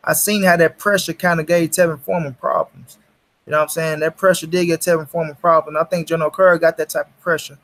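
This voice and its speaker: A man's voice: a little high, level tone, fast, fairly bright tone. A young man hosting a casual livestream, talking straight to his chat in slangy, profane street talk. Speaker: livestream host.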